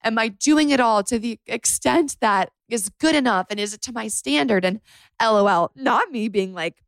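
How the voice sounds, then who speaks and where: A woman's voice: mid-range voice, moderate pace, clean tone, dry recording. Candid woman rambling into a dry mic. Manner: candid, rambling, heavy use of "like"; emotional, close to tears at times. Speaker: podcast host. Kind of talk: confessional solo podcast monologue. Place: bedroom floor, indoors. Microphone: podcast microphone.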